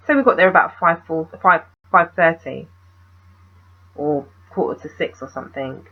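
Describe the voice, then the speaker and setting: A woman telling a personal story in a vlog, animated and full of rhetorical questions. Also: lowish voice, muffled recording. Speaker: vlogger.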